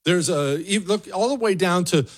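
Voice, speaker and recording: A man's voice: high voice, normal speed. A man hosting a political commentary show, blunt and sarcastic, with emphatic repetition. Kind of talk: opinionated solo commentary.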